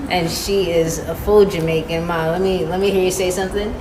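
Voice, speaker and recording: A woman's voice: on the low side, steady tone, a little fast, background noise. A woman from New York talking playfully in a casual social media clip.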